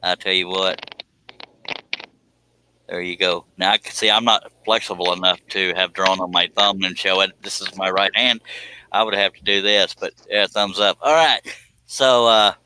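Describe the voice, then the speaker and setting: A man's voice: low voice, steady tone, normal speed, bright, forceful tone, slight background noise, rough recording. A man, hosting a casual livestream, joking around and reading viewer comments aloud. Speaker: livestream host.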